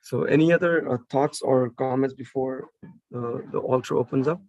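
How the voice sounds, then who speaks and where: Guy giving a temple scripture class, gravelly voice, dry close sound, chatty with lots of "like". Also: mid-range voice, normal speed, darkish tone, no echo, lo-fi sound. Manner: casual, searching phrasing with fillers. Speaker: class speaker. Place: temple room.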